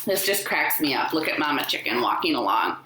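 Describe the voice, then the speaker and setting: A woman, a children's librarian, reading a picture book aloud to young children in a slow, gentle, expressive way. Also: sits low, slight background noise. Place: home living room. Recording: echoey room.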